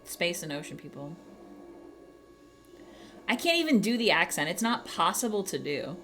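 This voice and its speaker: A woman hosting a casual livestream from home, chatting with viewers in a giggly, animated way with casual swearing. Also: fairly low pitch, moderate pace, a little hiss or hum. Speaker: livestream host.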